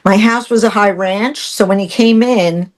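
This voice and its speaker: A middle-aged woman guest telling a personal story in conversation, animated, acting out what others said and laughing through hard parts. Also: medium pitch, moderate pace. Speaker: podcast guest.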